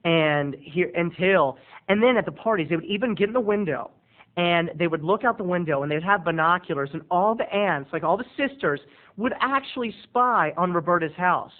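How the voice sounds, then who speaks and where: A man's voice: high voice, expressive, moderate pace. A man telling a family story in a dramatic, theatrical way as a video blogger. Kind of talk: animated storytelling. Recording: tinny lo-fi phone-like sound.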